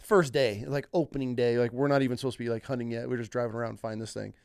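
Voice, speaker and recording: A young man, a hunting guide, telling stories in casual podcast chat, acting out clients in higher voices and laughing as he goes. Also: racing, gravelly, clear, resonant tone, no room sound, studio quality. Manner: animated, acts out clients in higher voices, laughs mid-story.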